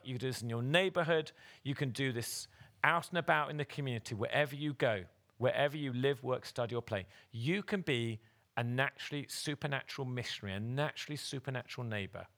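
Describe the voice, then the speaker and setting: A male pastor delivers a sermon at a church service, his voice gravelly with a mid-range pitch. He talks to the congregation in an earnest, direct way, pressing them to act. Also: fairly bright tone.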